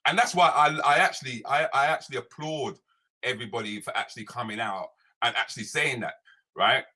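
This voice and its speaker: Guy ranting live, bright and a bit husky, keeps going yeah? right?. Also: medium pitch, brisk. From Britain. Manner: emphatic, repeats phrases, asks "yeah?" and "right?" constantly. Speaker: comedian and social commentator hosting a live show. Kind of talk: animated solo rant. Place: home, streaming live online.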